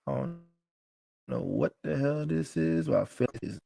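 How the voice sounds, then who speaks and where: A man's voice: mid-range voice, very animated, measured pace, creaky, dark tone. A man teaching a live class in a casual, emphatic, joking way, with frequent restarts.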